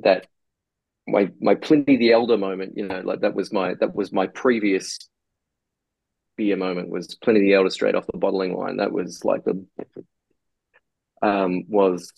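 Gravelly, husky man telling stories. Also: low voice, fairly even intonation, normal speed, pauses often, darkish tone, no echo, highs cut off. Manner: rambling anecdotes with casual swearing. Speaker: brewery co-founder guest. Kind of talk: casual podcast storytelling.

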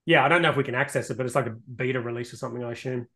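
A man's voice: medium pitch, rapid-fire, sharp tone. A young man hosting a podcast, chatting casually and teasing his co-host with some swearing. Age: young adult. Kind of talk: casual chat.

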